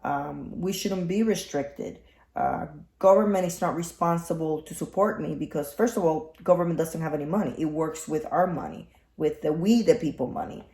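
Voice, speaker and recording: Low-voiced woman in her 40s hosting a morning show, slow and soft, lots of ums, echoey room. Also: lively intonation. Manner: slow, soft-spoken, many fillers. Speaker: show host. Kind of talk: casual morning talk show.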